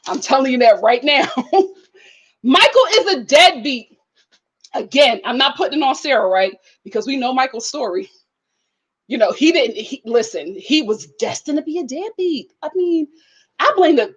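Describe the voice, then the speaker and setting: A young adult woman giving casual, animated commentary on a reality show, with mocking impressions and laughing asides. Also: high voice, breathy edge. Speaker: commentary vlogger.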